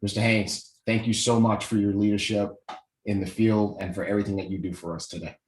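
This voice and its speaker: A man hosting a company call, thanking and praising the speakers warmly. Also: fairly low pitch, flat delivery, slight background noise. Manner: effusive, quick praise. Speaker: call host. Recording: echoey room.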